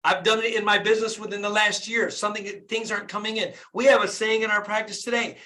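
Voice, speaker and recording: A middle-aged man hosts a group video call in a high, bright, forceful voice. He preaches in a fired-up way and drives his points home by repeating phrases. The sound comes through a call connection. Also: quick pace, hardly any pauses. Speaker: dentist and business coach hosting a group call.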